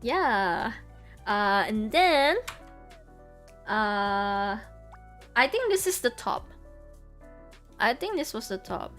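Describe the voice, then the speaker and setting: A woman's voice: mid-range voice, big pitch swings, very slow, pauses often, a bit bright, faint music behind. A woman streamer chatting casually over trip photos, giggly and full of fillers. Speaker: vtuber streamer.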